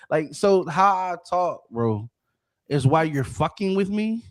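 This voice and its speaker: Man, high-pitched voice, podcast host, heated profane rant, frequent restarts. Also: animated, slow.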